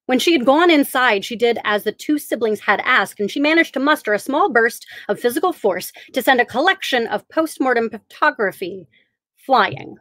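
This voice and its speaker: Brief: woman author, expressive theatrical reading from her novel, a bit high, dry close sound. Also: moderate pace, no echo. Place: home during lockdown, live stream.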